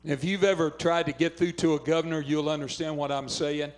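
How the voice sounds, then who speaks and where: A man's voice: on the high side, steady tone, a little fast. An older man from Oklahoma, a pastor preaching fervently at a revival and telling a story. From southwestern Oklahoma. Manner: fervent preaching, urging callers to phone in. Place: revival tent.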